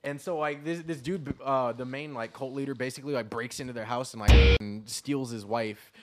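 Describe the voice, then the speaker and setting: A man's voice: medium pitch, steady tone, fairly quick, loud music behind the voice. A young man in casual chat among friends, rambling with many fillers. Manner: rambling with many fillers, laughs between words.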